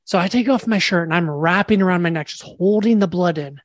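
Fairly quick, high-voiced, and recorded dry, this young man is guesting on a podcast. He relates a story in a casual interview, animated throughout, acting out the lines of dialogue.

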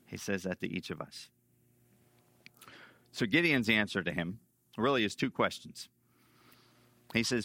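A male pastor preaching a sermon emphatically, repeating key phrases and swinging between loud stresses and hushed lines. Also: lowish voice, animated, a little slow, vocal fry, long pauses, dry recording.

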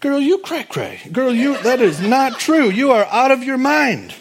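A bunch of disbelieving church folk, put on by a male preacher, high and squeaky in tone. They scoff and tease, brushing off what they hear as nonsense. The bit is a comic aside inside a sermon. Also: very animated, measured pace, exaggerated voice. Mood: mocking disbelief. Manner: high, teasing, incredulous. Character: disbelieving early church members, mocking.

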